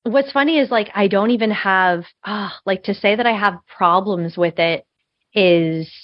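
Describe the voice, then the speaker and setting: A woman's voice: medium pitch, measured pace, dry recording. A woman co-hosting a podcast, arguing passionately in casual chat and saying "like" often. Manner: passionate, argumentative, uses "like" often. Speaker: podcast co-host. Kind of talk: casual film discussion. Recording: dull lo-fi sound, dry.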